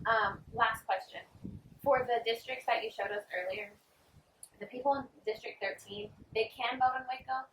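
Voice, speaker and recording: A woman's voice: a little high, fairly even intonation, moderate pace, a bit bright. A young woman hosting a podcast, asking questions casually with many fillers and hesitations. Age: young adult. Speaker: podcast host. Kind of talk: interviewing a guest. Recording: roomy and distant with faint noise.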